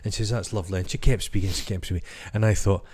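A Scottish man with a fairly low voice spins dry, deadpan anecdotes in relaxed podcast banter. His delivery is wry and unhurried, with a storyteller's knack for asides. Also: breathy edge. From Scotland. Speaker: podcast co-host. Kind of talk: casual comedic chat.

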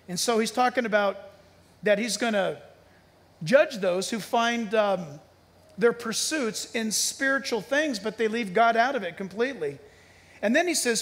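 Guy preaching a sermon, swings from loud to hushed, big church hall echo. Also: extremely high pitch, moderate pace. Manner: animated, emphatic preaching with sudden loud peaks and hushed storytelling. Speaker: pastor. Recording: long church hall reverb.

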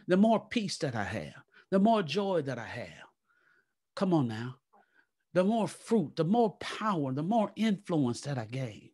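A man preaching a live church sermon, fervent and repetitive, praying aloud between points and swinging from a low murmur to loud exclaims. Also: very animated, normal speed. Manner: fervent, repeats "come on now" and "glory to God". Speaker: pastor.

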